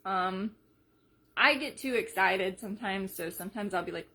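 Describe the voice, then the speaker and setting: A woman leading a sales team in a casual live video, chatty and energetic, retelling conversations as she goes. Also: mid-range voice, normal speed. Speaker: team leader.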